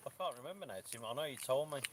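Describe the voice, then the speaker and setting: A man's voice: medium pitch, very fast, slight background noise. A man joking and bantering as a guest in a casual live chat at a woodland camp. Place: woodland camp outdoors at night.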